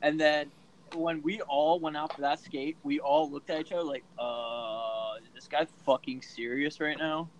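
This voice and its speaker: A man's voice: on the high side, fairly even intonation, moderate pace, slight background noise, low-quality recording. A man telling stories and teasing friends with constant swearing in casual chat. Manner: profane, teasing storyteller. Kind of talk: casual crude banter.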